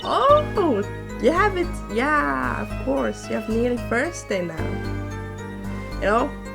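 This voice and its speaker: A woman's voice: sits high, sing-song, slow, vocal fry, over music. A woman streaming a game, chatting casually and giggling often between asides. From not Australia. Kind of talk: casual gameplay chat, reading game lines aloud.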